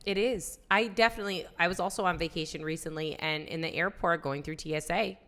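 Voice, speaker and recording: A young woman co-hosting a casual podcast tells an emotional personal story, acting out the dialogue and saying "like" a lot. Her voice is on the low side, a bit bright, and fairly quick.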